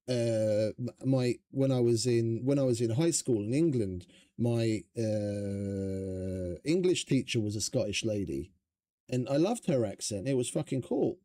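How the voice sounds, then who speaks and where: A gaming streamer plays a survival game with a medium-pitched, mellow voice, speaking a little slowly. His commentary is casual, rambling, profane and stop-start.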